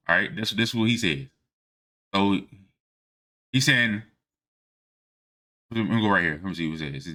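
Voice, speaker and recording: A man with a low voice lectures casually on religious history from notes, at a moderate pace with long pauses and a bright, forceful tone. Informal and emphatic, he keeps checking in with listeners by asking "all right?"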